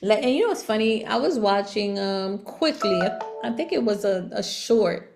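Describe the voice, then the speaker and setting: A woman giving a casual tarot reading, chatty and animated, laughing often and using relaxed slang. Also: mid-range voice, moderate pace, vocal fry, over music. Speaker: tarot reader.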